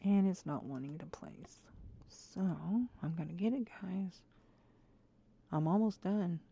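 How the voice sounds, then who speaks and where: A woman streaming a game and chatting to viewers, swinging between frustrated muttering and excited squeals. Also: fairly low pitch, slow pace, creaky, a little hiss or hum. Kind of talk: casual gameplay chat. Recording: dull lo-fi stream audio.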